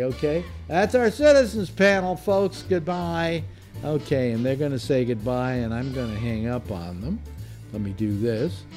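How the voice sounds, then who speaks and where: A man's voice: medium pitch, mellow. An older man hosting a live panel chat, talking casually and rambling with restarts. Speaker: host.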